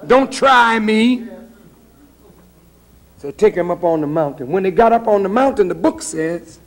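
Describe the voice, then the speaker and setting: A middle-aged male minister preaches with a high-pitched voice. His delivery is conversational but dramatic, and he presses each point home with emphasis. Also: expressive, a little fast, mellow. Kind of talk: preaching a sermon. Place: lecture hall.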